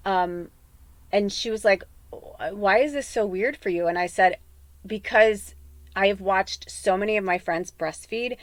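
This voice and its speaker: A woman giving a tarot reading in a casual spiritual podcast, telling a rambling story full of fillers and acting out quoted dialogue with sudden leaps in pitch. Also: dry recording. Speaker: tarot reader.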